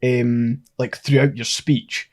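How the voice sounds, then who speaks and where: A man's voice: mid-range voice, flat delivery, slow, a little mellow. A man co-hosting a podcast who thinks aloud and lays out his theories at length in a casual chat. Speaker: podcast co-host.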